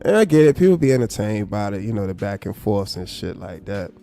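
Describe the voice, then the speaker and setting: A gravelly, mellow-toned man holds forth on his live stream in a calm, low, deliberate voice. He stays blunt and swears freely. A faint bed of music sits behind him. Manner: calm, low, unhurried speaking tone; blunt and profane. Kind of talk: casual commentary rant.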